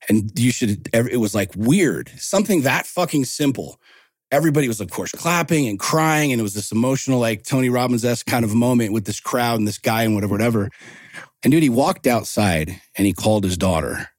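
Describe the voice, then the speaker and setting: A man in his forties talks bluntly and swears freely as a podcast guest, building his stories with rising passion. His voice sits fairly low, and the recording is dry and close, with almost no room sound. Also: fast, a little mellow, dry recording. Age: 40s. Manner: blunt, profane, impassioned storytelling. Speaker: podcast guest, men's coach. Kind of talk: casual interview talk.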